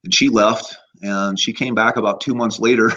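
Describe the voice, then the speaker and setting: Man in his 50s telling animated stories. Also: fairly low pitch, normal speed. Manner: animated anecdotes, laughs often, acts out voices. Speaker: guest, chiropractor and energy healer. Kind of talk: casual storytelling. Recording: slightly muffled lo-fi audio.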